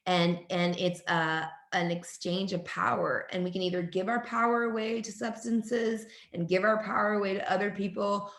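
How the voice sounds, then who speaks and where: A woman's voice: medium pitch, fairly even intonation, moderate pace, hardly any pauses, fairly bright tone, echoey room. A woman in her forties, a naturopathic doctor and guest, talking with enthusiasm in an interview and often restarting her sentences. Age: 40s. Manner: enthusiastic, talkative, frequent restarts and laughs. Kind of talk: conversational interview.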